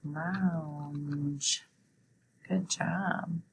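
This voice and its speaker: Slow low-voiced woman teaching spelling. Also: steady tone, gravelly, slight background noise. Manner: slow and deliberate, sounding out letters. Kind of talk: spelling lesson for children.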